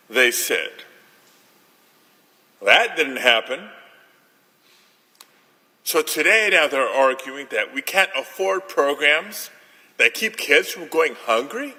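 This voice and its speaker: Slow, bright-voiced man giving an indignant speech. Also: a little high, very animated. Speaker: senator. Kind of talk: formal floor speech. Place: large legislative chamber. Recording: echoey legislative chamber.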